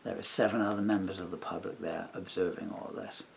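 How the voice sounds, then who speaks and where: Low gravelly indignant man. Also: steady tone, a little fast, slight background noise. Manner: indignant, rambling retelling with acted-out quotes. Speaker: vlogger. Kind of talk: personal complaint vlog.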